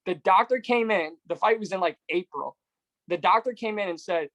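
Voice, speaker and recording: A man's voice: high voice, fairly bright tone, dry recording, low-quality recording. A man hosting a podcast interview, talking conversationally, telling stories and agreeing readily with his guest. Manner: conversational, storytelling, quick to agree. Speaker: podcast host.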